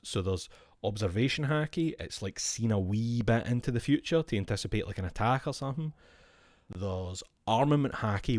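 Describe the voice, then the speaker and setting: A man's voice: fairly low pitch, darkish tone, dry recording, clean studio sound. A Scottish man streaming, chatting casually and explaining with gusto, swearing freely. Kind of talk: casual chat while showing cards.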